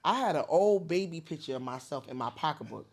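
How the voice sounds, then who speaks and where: Husky woman comedian telling stories. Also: deep voice, fairly quick. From Paterson, New Jersey. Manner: animated, colorful storytelling, swears freely. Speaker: comedian and guest. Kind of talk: casual storytelling interview.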